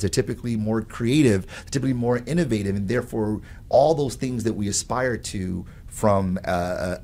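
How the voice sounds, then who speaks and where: A man who teaches at a college, explaining his ideas on learning in an animated, storytelling way and often adding "right?". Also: fairly low pitch, creaky. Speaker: professor. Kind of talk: conversational explanation.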